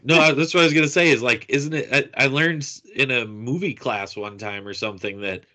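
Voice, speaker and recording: A man talking in a casual podcast discussion with a bright, forward voice. He speaks haltingly, leaning on fillers as he works out his point. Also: mid-range voice. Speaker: podcast co-host.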